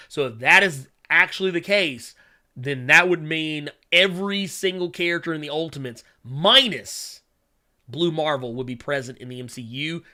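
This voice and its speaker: This solo podcast host's mid-range voice sounds pushed and bright. He rambles casually with many fillers, hums while going through viewer chat, and turns blunt and profane in his rants.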